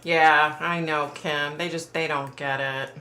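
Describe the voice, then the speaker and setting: In an echoey, bare-sounding room, a woman livestreams from home and chats sympathetically with her viewers, trailing off with fillers. Her voice is low yet bright and forward, with fairly even intonation at a measured pace.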